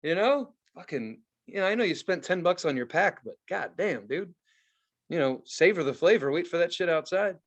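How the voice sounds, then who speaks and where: A man co-hosting a podcast, telling a story in casual chat, swearing a lot and acting out quotes loudly. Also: high-pitched, moderate pace, muffled recording. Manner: profane, animated storytelling with loud acted-out quotes. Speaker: podcast co-host.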